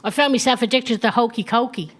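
Playful high-voiced woman, mock-serious. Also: fast talker.

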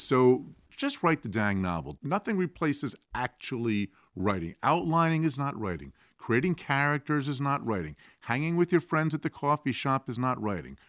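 A man's voice: a little high, a bit bright, dry recording, studio quality. A man being interviewed as a novelist, joking and self-mocking about the craft. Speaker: novelist guest. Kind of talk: casual interview.

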